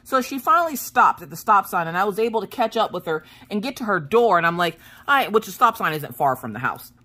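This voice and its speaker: A woman's voice: mid-range voice, fairly quick. A woman vlogging about her crafts in casual chat, telling stories with lots of laughter and acting out what people said. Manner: animated storyteller, laughs often, acts out dialogue.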